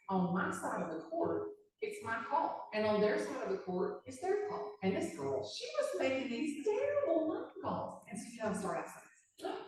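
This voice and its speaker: A woman, a real estate agent giving a chatty, animated storytelling talk to a live audience. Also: mid-range voice. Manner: chatty, animated storyteller with lively quoted voices.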